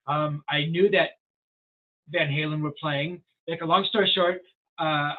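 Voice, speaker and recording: Older male journalist guest, high voice, tinny call audio, rambling anecdotal storyteller. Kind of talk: storytelling interview. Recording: tinny phone-like sound.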